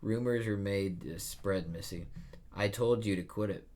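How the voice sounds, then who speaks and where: A man reading the lines of a nosy old man who loves troublemakers, a little louder than his own talk. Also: fairly low pitch, unhurried, natural voice. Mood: warning.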